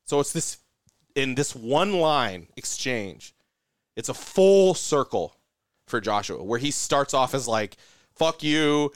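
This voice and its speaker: Dude gushing about a movie, swears a lot, rambly, dry close sound. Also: male voice, medium pitch, slow, no echo. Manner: excited, profane, rambling storytelling. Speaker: podcast co-host. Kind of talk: casual chat.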